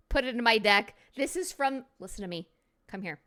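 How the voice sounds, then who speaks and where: A woman's voice: medium pitch, takes it slowly, long pauses, sharp tone. A woman streamer giving a casual card review at her computer, goofy and playful with silly jokes.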